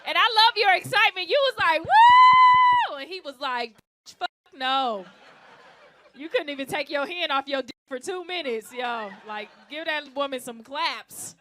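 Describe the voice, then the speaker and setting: A woman in her thirties doing a stand-up comedy set, brash and teasing the crowd, with loud acted-out bits. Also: high voice, lively intonation, normal speed, hardly any pauses, slight background noise. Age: 30s. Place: comedy club stage. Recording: live club recording with crowd. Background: audience laughter.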